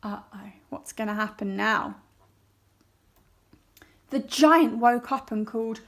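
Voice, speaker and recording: Lady teacher, slow careful storytime voice, keeps asking the kids questions. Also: a little high, fairly bright tone. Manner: slow and clear, asks children questions. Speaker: primary school teacher. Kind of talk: reading a story aloud for a lesson.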